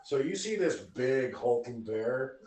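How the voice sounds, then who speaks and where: A man narrating a tabletop game as game master, halting and restarting as he describes scenes. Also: mid-range voice, expressive, darkish tone. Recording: roomy, distant mic.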